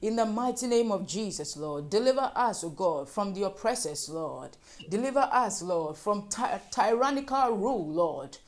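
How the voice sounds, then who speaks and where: A woman's voice: medium pitch, lively intonation, moderate pace. A woman leading fervent group prayer, repeating petitions and breaking into speaking in tongues. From Africa. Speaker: prayer leader.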